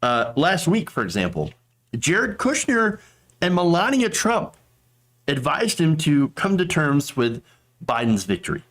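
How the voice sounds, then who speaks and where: Sarcastic guy doing a political commentary show, lively up-and-down voice, a bit high. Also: unhurried. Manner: sarcastic, mocking.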